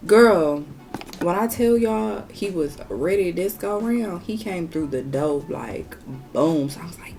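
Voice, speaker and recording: Frank, low-voiced woman telling a story. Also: lively intonation, measured pace, darkish tone, soft background music. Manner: candid and profane, talking straight to viewers. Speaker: beauty vlogger. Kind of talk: casual storytime chat during a makeup tutorial.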